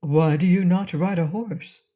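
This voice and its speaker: A woman reading an audiobook, voicing a dignified island king who speaks calmly and courteously at a slow pace. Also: lowish voice, close to an everyday voice. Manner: calm, courteous, measured.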